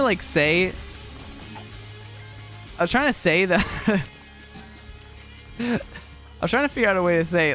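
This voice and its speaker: A man's voice: fairly high pitch, fairly bright tone. A young man giving casual, rambling gameplay commentary, laughing often and poking fun at himself while he tells stories from his teaching day. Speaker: gaming video creator and teacher.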